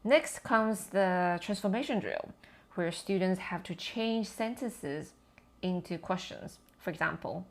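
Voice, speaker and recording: A woman educator giving a scripted lesson on language teaching, with measured, explanatory delivery. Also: fairly low pitch. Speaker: TESOL educator.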